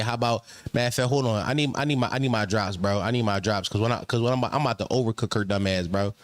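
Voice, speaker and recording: A man's voice: medium pitch, a bit bright, dry recording. A young man hosting a casual reaction stream, ranting in a profane, repetitive way.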